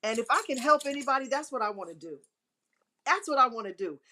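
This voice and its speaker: A woman's voice: sits high, expressive, quick pace, bright, forceful tone. A middle-aged woman hosting a live stream, giving emphatic, repetitive, churchy encouragement. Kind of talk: inspirational live-stream talk.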